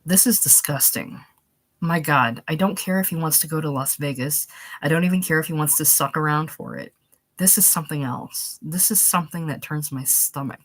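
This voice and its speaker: A woman's voice: low voice, moderate pace, no room sound. A woman voicing a self-righteous, contemptuous man in a storybook reading, bitter and cutting. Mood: disgusted. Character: indignant middle-aged man, scornful and self-righteous.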